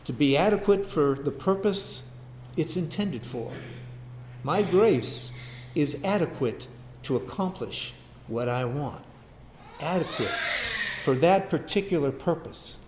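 A man's voice: on the high side, lively intonation, slow, roomy sound, a little hiss or hum. A man preaching a sermon as pastor, emphatic and repeating key phrases.

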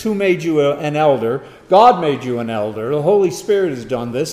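A man preaching an expository sermon, emphatic, swinging between loud stress and hushed asides. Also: medium pitch, sing-song, moderate pace, few pauses. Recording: echoey hall, long reverb.

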